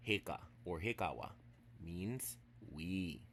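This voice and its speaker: A man with a deep, low voice teaches a casual language lesson at an unhurried pace. He is playful and teasing with his listeners, breaking words into slow, careful pieces, and now and then slipping into quiet asides. A faint hum sits under his voice. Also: animated. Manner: playful and teasing, slowly spelling out words syllable by syllable.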